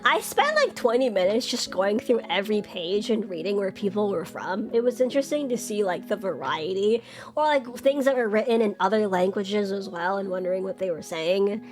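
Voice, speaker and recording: A woman's voice: mid-range voice, lively intonation, moderate pace. A young woman streaming, chatting casually and bubbly, jumping up into squeals when she greets her chat.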